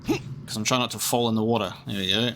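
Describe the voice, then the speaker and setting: A man's voice: lowish voice, steady tone, fast, background noise. A man giving casual, jokey commentary as he plays through a video game, chatting to himself as he goes. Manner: chatty, jokey, talks to himself while playing. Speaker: gaming streamer.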